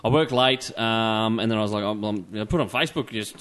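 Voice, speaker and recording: Fast-talking Australian podcast host. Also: male voice, on the low side, smooth. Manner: joking, animated storytelling. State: hungover. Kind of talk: casual banter.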